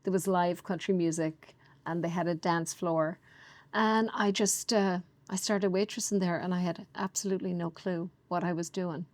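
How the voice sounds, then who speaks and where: A woman in her forties with an Irish accent, a guest telling lively stories about her past in a casual interview. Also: on the low side, moderate pace, no room sound. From Ireland. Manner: chatty, animated storyteller, laughs at herself. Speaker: guest, bakery owner.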